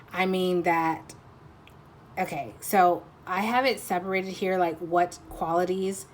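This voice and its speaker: A woman's voice: on the low side, slight background noise. A woman giving a casual pick-a-card tarot reading, rambling and teasing, often breaking into laughter.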